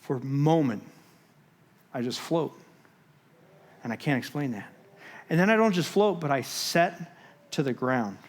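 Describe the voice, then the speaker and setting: A man giving a sermon as guest speaker, telling a personal story with dramatic pauses, moving between loud and hushed moments. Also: medium pitch, lively intonation. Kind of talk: sermon testimony. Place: church stage.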